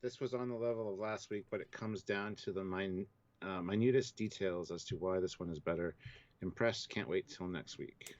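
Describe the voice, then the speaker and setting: A man with a fairly low voice reads out viewer comments on a live stream. He keeps it plain and matter-of-fact. His mic sounds dull and lo-fi. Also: normal speed, dry recording. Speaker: co-host reading viewer comments. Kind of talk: casual live-stream discussion.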